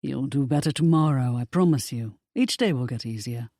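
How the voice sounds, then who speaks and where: Narrator voicing calm reassuring duke. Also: male voice, medium pitch, normal speed, no room sound, clean studio sound, lightly acted. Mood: gentle. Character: gentle steady young duke, protective.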